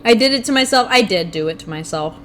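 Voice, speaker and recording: A young woman streaming a video game live, talking to herself and her chat in an animated, playfully grumbling way. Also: medium pitch, fast, slight background noise. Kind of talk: live gameplay commentary.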